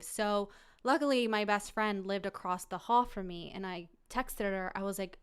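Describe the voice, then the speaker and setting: A young woman casually telling a story on a podcast, laughing and acting out quotes loudly. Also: medium pitch, moderate pace, clear, resonant tone. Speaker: podcast guest and producer.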